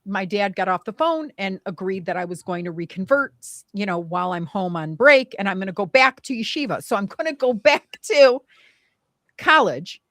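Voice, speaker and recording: A woman's voice: medium pitch, moderate pace, no room sound, studio quality. Emotional woman telling a personal story. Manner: emotional, animated, many fillers like "like" and "right?". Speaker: guest.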